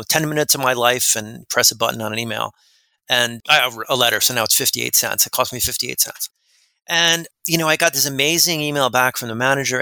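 A man with a gravelly, very bright and forceful voice tells animated, rambling stories as a podcast guest. His sound is close and dry, with no room around it. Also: mid-range voice, no room sound. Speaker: guest expert on workplace respect. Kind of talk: storytelling in a podcast interview. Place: lives in New Jersey.

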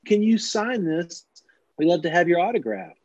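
A man's voice: high-pitched, sing-song, normal speed, no room sound, muffled recording, pitched above the performer's own voice. A man doing a gushing, starstruck fan. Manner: gushing, eager. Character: adoring adult sports fan, starstruck and gushing.

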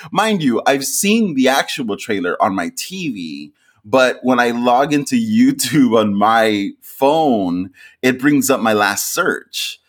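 A man co-hosting a podcast in casual chat, animated and often laughing. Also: medium pitch, takes it slowly. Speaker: podcast co-host.

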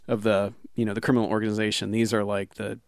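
Male podcast co-host, low and gravelly, dry sarcastic delivery, close and dry. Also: flat delivery, quick pace, no echo. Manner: sarcastic, joking. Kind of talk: casual movie chat.

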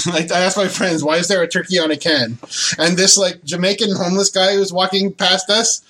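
A man's voice: high-pitched, fairly even intonation, brisk, sharp tone, a little hiss or hum, poor audio. A man from the Toronto area, hosting a casual podcast and telling rambling stories with frequent laughs. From Toronto area, Canada. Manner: rambling storyteller, laughs often. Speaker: podcast host.

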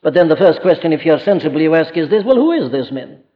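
Emphatic preacher in a reverberant church. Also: male voice, on the high side, very animated, fast. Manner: earnest, emphatic, rhetorical questions, acts out quoted voices. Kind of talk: sermon. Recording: dull lo-fi archive recording in a reverberant hall.

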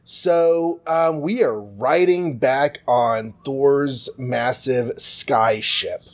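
A man casually recapping a comic in a podcast chat, loose and jokey with lots of "um" and "like". His voice sits at an everyday medium pitch. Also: very slow. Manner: chatty, jokey, full of fillers. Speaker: podcast host.

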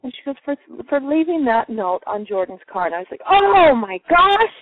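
Animated woman telling a story over a tinny line. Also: fairly high pitch, fast, no room sound. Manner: lively, acts out quoted voices. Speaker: guest telling a personal story. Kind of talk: storytelling to a group. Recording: muffled phone-line sound, dry.

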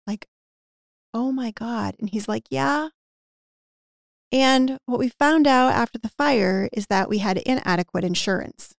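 Woman with a gravelly, dry voice. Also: on the high side, a little slow, no echo. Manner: animated anecdote-telling with acted-out quotes and frequent "like". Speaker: podcast guest who teaches business owners about hiring and team culture. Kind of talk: casual podcast storytelling.

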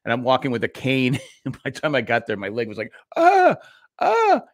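Middle-aged guy rambling on a podcast, dry sound, normal pitch. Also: fairly even intonation, fast, dry recording. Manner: rambling storyteller, restarts and laughs. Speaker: podcast co-host. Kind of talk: casual chat.

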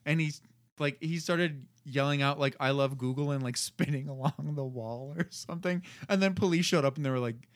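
A man's voice: fairly high pitch, moderate pace, no echo, clean studio sound. A man co-hosting a casual podcast chat, rambling and groping for words, often laughing at himself. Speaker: podcast co-host.

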